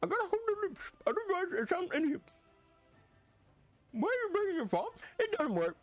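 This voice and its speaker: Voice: very high-pitched, huge pitch swings, moderate pace, soft background music, pitched above the performer's own voice, heavily acted. A streamer putting on a goofy mock Swedish cook character, talking through puffed lips in a babbling comic accent that is hard to understand.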